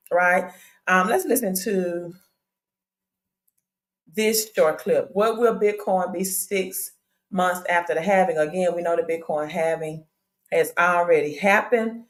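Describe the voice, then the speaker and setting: A woman with a Southern US accent hosts a casual crypto livestream in a chatty, upbeat way, greeting viewers over and over. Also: fairly low pitch. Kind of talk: casual live-stream chat. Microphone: own microphone.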